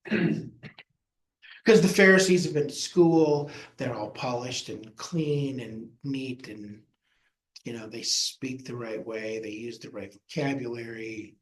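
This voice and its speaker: A man's voice: mid-range voice, a little slow. A middle-aged male pastor teaching a Bible study in a folksy way, often acting out the voices in the story. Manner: folksy, acts out quoted voices. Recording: echoey room.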